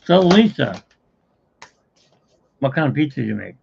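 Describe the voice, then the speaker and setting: A man's voice: mid-range voice, big pitch swings, moderate pace, vocal fry, a little mellow, dull audio, a little hiss or hum. A middle-aged man hosting a live stream, chatting casually and telling jokes in a rambling, self-mocking way.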